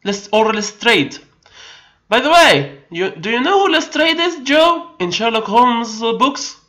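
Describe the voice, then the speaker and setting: A woman streamer reading a game aloud and commenting in a chatty, excitable way that trips over words. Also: on the high side, a little slow. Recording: loud game music behind.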